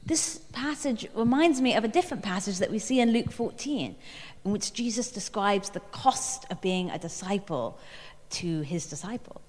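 A woman giving a sermon, reflective and storytelling in tone, with pauses and small fillers as she works through her thoughts. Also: medium pitch, animated, darkish tone. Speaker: preacher. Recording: long hall reverb.

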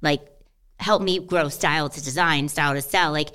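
A woman's voice: deep voice, fairly even intonation, moderate pace, pushed and bright, clear, resonant tone. A woman hosting a casual chat with her sister, asking questions and adding her own stories. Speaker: podcast host.

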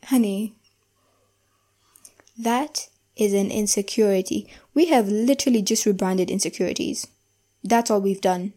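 A young woman hosting her own podcast, talking in an earnest, reflective way and slowing down to stress key phrases. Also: medium pitch, mellow. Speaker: podcast host. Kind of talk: casual solo podcast monologue.

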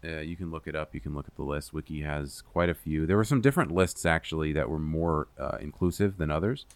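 A man's voice: a bass voice, brisk, no echo. A man hosting a casual podcast, explaining a science topic in a rambling, self-deprecating way with lots of fillers and swearing. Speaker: podcast host presenting the topic.

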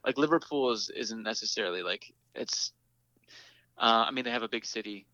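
Chatty guy, bright forceful voice, lots of ums and laughs, kinda dull lo-fi sound. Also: fairly low pitch, normal speed, no echo. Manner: chatty, laughs often, many fillers and restarts. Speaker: band lead singer, guest. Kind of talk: casual interview chat.

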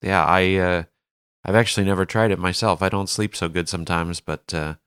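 A man with a low, smooth, resonant voice chats on a podcast. His storytelling is animated and full of laughter. The recording is close and dry. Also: brisk, no echo. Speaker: golf caddie, podcast co-host. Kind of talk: casual chat.

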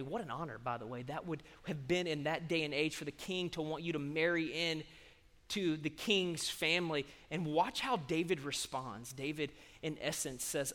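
A man preaching a sermon, telling the story conversationally with sudden surges in loudness. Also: a little high, moderate pace, long reverb tail. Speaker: pastor.

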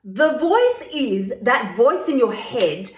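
Woman podcast coach, blunt and profane, somewhat high voice, echoey room. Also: big pitch swings, slow pace. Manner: blunt, profane, tough-love. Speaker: podcast host, weight-loss coach. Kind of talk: motivational podcast monologue.

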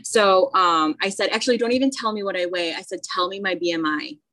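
A woman co-hosting a podcast, telling a personal story in casual chat, animated, with many restarts. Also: medium pitch, fairly quick, rough recording. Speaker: podcast co-host.

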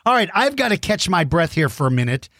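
The kids' dinosaur show host, a middle-aged man, talks fast in a sing-song voice that sits on the high side and sounds a bit bright. Cheerful and encouraging, he answers young viewers' questions simply, recorded with no echo and clean studio sound.

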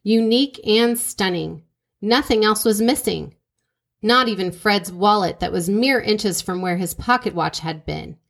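A woman co-hosting a podcast, reading out a true crime case in a measured, dramatic way. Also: mid-range voice, creaky. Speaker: podcast co-host.

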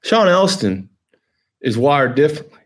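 A man's voice: mid-range voice, big pitch swings, unhurried. A middle-aged man hosting a vlog, telling a personal story with emotion, rambling and repeating phrases for emphasis. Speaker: host.

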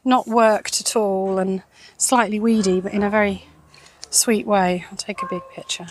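A woman's voice: mid-range voice, fairly even intonation, moderate pace, slight background noise. A woman co-hosting a podcast, chatting casually and joking as she points out sights from a car. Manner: chatty, jokey, exclaiming at sights. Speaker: podcast co-host. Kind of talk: casual chat on a drive.

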